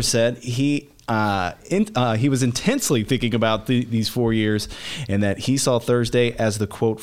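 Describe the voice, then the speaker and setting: Wry man reading quotes. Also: medium pitch. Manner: wry, reads news quotes with playful emphasis. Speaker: podcast host. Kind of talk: casual political chat, reading quotes.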